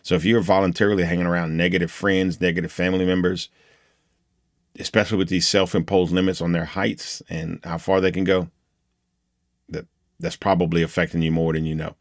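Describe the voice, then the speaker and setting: A man's voice: low-pitched, level tone, fairly quick, no echo, clean studio sound. A man teaching an online class, talking in a loose, motivational way with many restarts.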